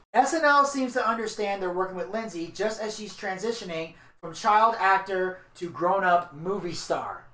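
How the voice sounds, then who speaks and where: A man's voice: high voice, fairly bright tone. A man co-hosting a casual podcast review, rambling and opinionated with plenty of crude language. His voice sits in an echoey room. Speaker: podcast co-host.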